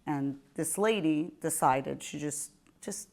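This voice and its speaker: A low-pitched woman with a thick Staten Island accent. She is a podcast host telling a story in a brash, foul-mouthed, animated way. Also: takes it slowly, vocal fry. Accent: Staten Island New York. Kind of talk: casual storytelling chat.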